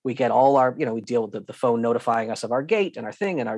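A man's voice: mid-range voice, fast, dry recording. Emphatic man teaching practical travel tips. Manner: lively storytelling, acting out airline staff in quoted voices. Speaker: guest instructor. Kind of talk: online presentation with slides.

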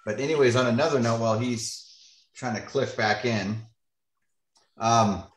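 A man's voice: medium pitch, unhurried, echoey room. A man hosting a Bible study on a video call, casual and joking. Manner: joking, laid-back, chatty. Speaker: host of men's Bible study. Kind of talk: casual chat.

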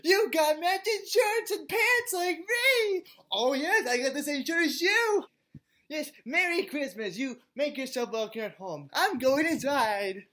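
A woman hosting a homemade toy-doll play, voicing it in an excitable, exclamatory way. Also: sits high, measured pace. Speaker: host and voicer of the toy play.

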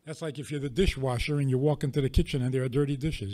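A rabbi giving a teaching talk to an audience, leaning on rhetorical questions and wry everyday examples. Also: male voice, mid-range voice, fairly even intonation, fast, mellow.

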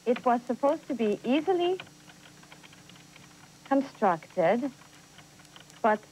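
A woman's voice: fairly high pitch, darkish tone, a little hiss or hum, low-quality recording. An actress playing an earnest adult woman learning spelling, in a scripted educational TV lesson. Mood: annoyed.

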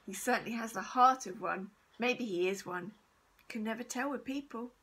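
A woman voicing a cheerful, polite mother who speaks gently and encouragingly. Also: a little high, moderate pace, husky, low-quality recording.

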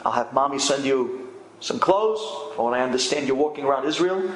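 A man playing his own stern but soft-hearted middle-aged father, scolding with gruff bursts. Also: mid-range voice, expressive, moderate pace, voice pushed down, lightly acted. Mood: gruff relenting. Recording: echoey room with faint ambient noise.

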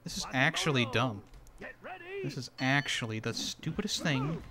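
A young man streaming a video game live, swearing and venting his frustration in loud outbursts. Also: mid-range voice, normal speed. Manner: exasperated, swearing, frequent outbursts. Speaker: gaming streamer. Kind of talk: live gameplay commentary.

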